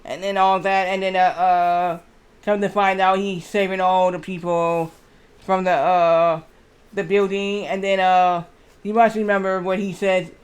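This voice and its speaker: High, smooth-voiced man rambling on stream. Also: level tone. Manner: rambling, reads aloud haltingly with many fillers. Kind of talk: casual live-stream chat.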